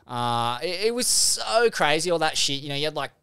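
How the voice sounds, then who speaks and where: A man's voice: a little high, big pitch swings, moderate pace, creaky, sharp tone, clear, resonant tone, no room sound, clean studio sound. An Australian man chatting casually on a surf podcast, rambling, swearing and restarting his sentences. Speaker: podcast co-host. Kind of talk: casual chat.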